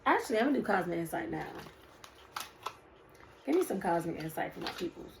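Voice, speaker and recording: A woman's voice: lowish voice, sing-song, a little fast, vocal fry, noisy background. A woman doing a casual spiritual card reading, preaching to her viewers and calling them "y'all" and "baby". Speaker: spiritual reader.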